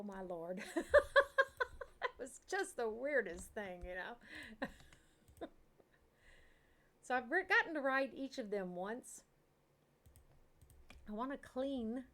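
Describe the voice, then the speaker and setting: A woman's voice: fairly high pitch, a bit bright. A middle-aged woman chatting casually with viewers while streaming a farm sim, laughing often and talking to the game animals. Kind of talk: casual live-stream chat.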